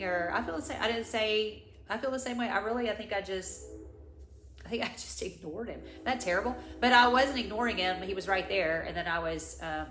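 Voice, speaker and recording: A middle-aged woman vlogger crying as she tells a personal story, halting and rambling with many restarts. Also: mid-range voice, a bit bright. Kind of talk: tearful personal story time. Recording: echoey room.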